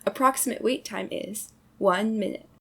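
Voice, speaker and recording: A woman's voice: mid-range voice, normal speed, a little hiss or hum, close to an everyday voice. A woman voicing a curt, unhelpful automated phone-line voice in a comedic short film, clipped and dismissive. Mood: dry, dismissive.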